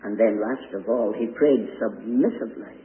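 A man's voice: fairly low pitch, moderate pace. A man preaching a sermon, earnest and emphatic, building up to pointed questions. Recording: tinny lo-fi radio broadcast, long reverb.

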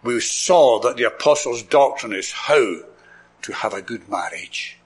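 Lively, slow-paced Scottish preacher man. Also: mid-range voice, husky. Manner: enthusiastic, repeats words for emphasis, chuckles often. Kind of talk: sermon.

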